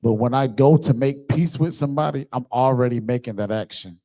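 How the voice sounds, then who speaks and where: Speaking fairly quickly in a mellow, mid-range voice, a man leads an online scripture class while sharing his screen. He talks emphatically into a computer microphone and frequently checks that his listeners are following.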